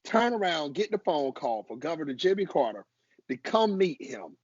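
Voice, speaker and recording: Male podcast host, husky, kinda high voice, repeats stuff for emphasis. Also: sing-song, moderate pace, a little mellow, no echo, lo-fi sound. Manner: emphatic, repeats words for stress. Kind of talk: interview chat.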